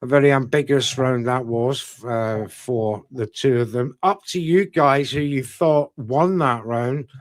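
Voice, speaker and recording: A man's voice: medium pitch, unhurried, few pauses, no room sound. A man giving live boxing commentary on a watchalong stream, talking casually to viewers and answering their chat. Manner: conversational, talks straight to viewers by chat name. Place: UK-based streaming setup.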